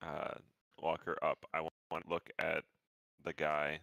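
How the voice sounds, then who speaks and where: A man playing a tabletop game, talking in a low-key, deadpan way. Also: unhurried, creaky, dry recording. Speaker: player.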